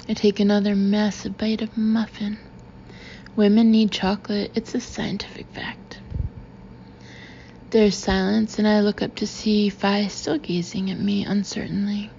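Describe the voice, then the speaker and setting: Woman narrating a novel, flat and mellow. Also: mid-range voice, moderate pace, dull audio, slight background noise. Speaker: audiobook narrator. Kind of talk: first-person novel narration.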